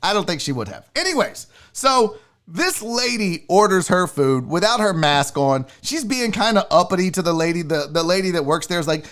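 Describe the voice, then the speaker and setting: Animated, foul-mouthed male show host. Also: sits high, normal speed. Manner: animated, swearing, sarcastic. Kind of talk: profane comedic storytelling rant.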